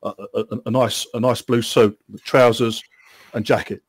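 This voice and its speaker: A man's voice: mid-range voice, steady tone, moderate pace, husky, dry recording, lightly acted. A man voicing Magla, a chatty shopkeeper woman. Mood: helpful. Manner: chatty, helpful sales patter. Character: friendly female shopkeeper, a townswoman.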